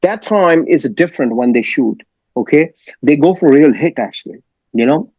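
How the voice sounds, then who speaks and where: A man, a martial arts actor, speaking hesitantly in a casual interview, pausing and searching for words. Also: fairly high pitch, lively intonation, a little mellow, dry recording. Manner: halting, many fillers, searching for words. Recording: dull dry audio.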